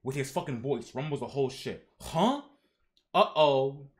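A man's voice: mid-range voice, quick pace, a little mellow. A young man streaming a live comic reaction, talking casually with slang and reading the panels aloud.

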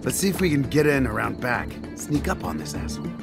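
A man's voice: medium pitch, expressive, a little fast, creaky, loud music behind the voice. An actor voicing a cocky, crude male survivor in a video game, brash and swaggering. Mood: bossy. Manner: brash, swaggering, foul-mouthed.

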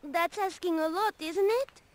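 A woman's voice: extremely high pitch, fairly even intonation, measured pace. A woman voicing a young girl held prisoner in a video game, who gives guarded, curt replies. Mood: wary.

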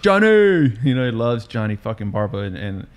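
A man with a lowish voice tells stories in a loose, slangy way, swearing as he goes. He is a podcast host and DJ, chatting casually with friends. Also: steady tone, fairly quick, darkish tone. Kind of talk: casual chat.

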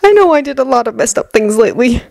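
Woman doing an eager high-voiced teen boy. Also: animated, fast talker, creaky, a little mellow, no room sound. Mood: earnest apologetic. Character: eager earnest teenage boy hero.

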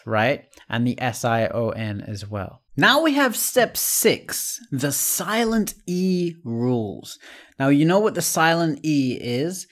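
Male English tutor, unhurried, patient explainer, spells words letter by letter, keeps asking "right?". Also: fairly high pitch, big pitch swings, a bit bright. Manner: spells out letters and repeats example words slowly. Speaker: English teacher. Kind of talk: recorded online lesson.

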